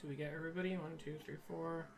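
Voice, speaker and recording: A man narrating as game master of a tabletop game, pausing often with fillers as he describes the scene. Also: fairly high pitch, steady tone, vocal fry, over music. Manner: hesitant, many fillers.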